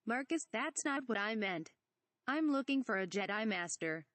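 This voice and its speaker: A woman's voice: a little high, lively intonation, normal speed, fairly bright tone, no echo. A woman voicing an irritable young male pilot, reading his snappish lines from a parody script. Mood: annoyed. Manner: exasperated, snappish.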